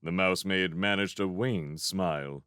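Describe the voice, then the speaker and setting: A man reading a children's fantasy novel aloud as narrator, in an expressive storybook style. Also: low-pitched, measured pace, clean tone, no room sound, clean studio sound. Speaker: fan audiobook reader.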